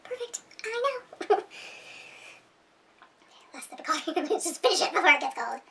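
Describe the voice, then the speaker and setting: A woman's voice: high-pitched, lively intonation, moderate pace, fairly bright tone, distant mic. A woman beauty vlogger chatting casually through a makeup tutorial, rambling and giggling as she talks to her viewers.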